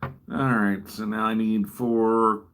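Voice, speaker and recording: A man with a lowish voice and a bright, forceful tone hosts a livestream, chatting casually as he builds a model. He rambles from one thought to the next and pokes fun at himself. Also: little pitch movement, slow, slight background noise. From American Midwest. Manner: rambling, self-deprecating. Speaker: livestream host.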